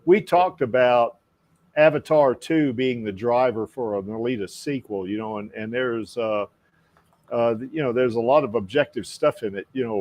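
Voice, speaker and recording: A man's voice: mid-range voice, darkish tone. A man hosts a casual livestream show, rambling through his notes with plenty of fillers. He laughs often and speaks in an ordinary mid-range voice. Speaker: podcast host.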